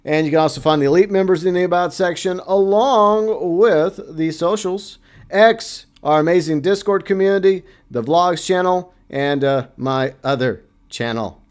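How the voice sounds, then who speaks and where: Brief: male streamer, slightly higher voice, loose chatty delivery. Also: moderate pace, smooth. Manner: chatty, reads chat aloud, playful asides. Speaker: livestream host. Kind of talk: casual livestream chat.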